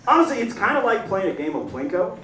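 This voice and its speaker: A young man doing a stand-up comedy set, animated, acting out voices and yelling punchlines. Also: high voice, fast talker, a little hiss or hum. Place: comedy club stage. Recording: roomy club sound from a distance. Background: audience laughter.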